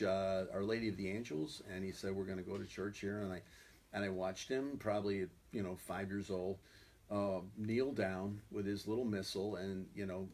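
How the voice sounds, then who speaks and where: A man's voice: fairly low pitch, darkish tone, a little hiss or hum. A man who is a guest musician, telling stories in a rambling way, full of "you know" fillers. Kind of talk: conversational storytelling.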